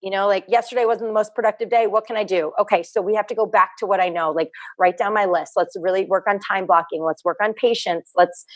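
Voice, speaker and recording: A woman's voice: mid-range voice, fairly even intonation, quick pace, hardly any pauses. Earnest woman talking casually. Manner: earnest, reflective, repeats herself. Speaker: guest, fitness business owner. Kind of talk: casual podcast conversation.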